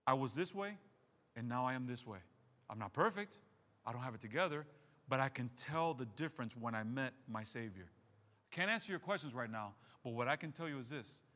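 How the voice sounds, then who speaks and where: A middle-aged man preaching a sermon as pastor, telling stories in a lively way and acting out scenes with sound effects. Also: fairly high pitch. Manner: animated storytelling, acts out scenes with sound effects. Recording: long reverb of a large hall.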